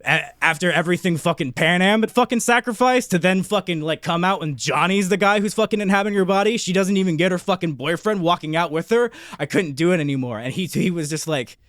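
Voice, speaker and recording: A man co-hosting a podcast, telling a long, excitable story in casual chat with constant swearing and restarts. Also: high-pitched, fast, few pauses, no echo, studio quality. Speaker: podcast co-host.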